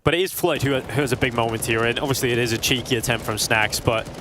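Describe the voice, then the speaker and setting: Guy doing play-by-play for esports, mid pitch, gets loud and high when stuff happens, bit of hiss behind. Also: steady tone, fast talker. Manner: rises sharply in pitch and volume at big plays. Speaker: esports commentator. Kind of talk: play-by-play commentary.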